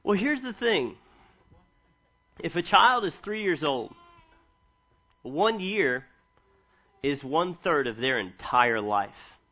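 Guy in his 30s preaching, kinda high voice, funny animated stories, muffled lo-fi audio. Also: slow, long pauses. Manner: animated storytelling with humor. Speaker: pastor. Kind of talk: sermon.

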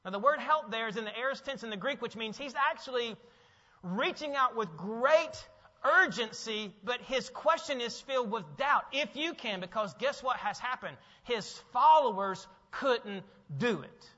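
A man preaching a sermon as pastor, animated and asking his listeners questions. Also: extremely high pitch, moderate pace. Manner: animated, asks the audience questions. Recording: dull, with long hall reverb.

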